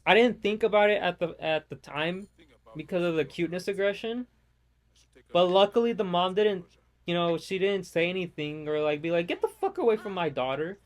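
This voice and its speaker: A man's voice: high-pitched, normal speed. A man ranting casually and profanely over gameplay, rambling from one gripe to the next. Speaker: gaming vlogger.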